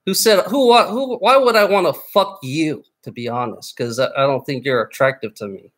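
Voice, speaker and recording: A man's voice: a little high, moderate pace, fairly bright tone. A man on a live stream, ranting angrily at his chat with lots of swearing and stumbling restarts. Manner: angry, profane, repetitive, stammering restarts. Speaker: livestreamer. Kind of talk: casual live stream rant.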